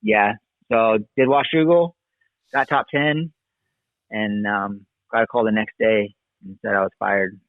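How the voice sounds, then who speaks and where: A man's voice: on the low side, a little slow, no room sound. Laid-back man on a tinny call line. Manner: relaxed, rambling, says "dude" and "like". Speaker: guest, former pro motocross racer. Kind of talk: casual storytelling interview. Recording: tinny phone-like line, dry.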